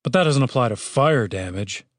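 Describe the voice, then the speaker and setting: A brash, foul-mouthed young man, voiced by a man reading an audiobook, talking loud and pushy. The sound is close and dry. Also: mid-range voice, animated, moderate pace, no room sound, lightly acted. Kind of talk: audiobook character voice.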